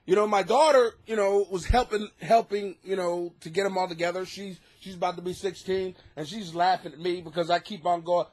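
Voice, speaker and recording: A man's voice: sits high, steady tone, a little fast, hardly any pauses, a little mellow. A man hosting a comedy podcast from his basement, telling stories in a loose, profane, storytelling way. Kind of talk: casual comedic monologue. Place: home basement.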